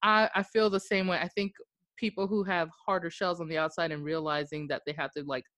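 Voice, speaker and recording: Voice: medium pitch, fairly quick, no echo. Podcast host, casual chat, rambling, filler-heavy, dry recording. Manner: rambling and animated, many "like" fillers; laughs often.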